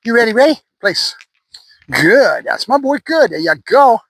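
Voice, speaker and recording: A man's voice: extremely high pitch, big pitch swings, unhurried, vocal fry, fairly bright tone, poor audio. A middle-aged man working as a dog trainer, praising his dog between explanations to viewers. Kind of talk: hands-on training demonstration.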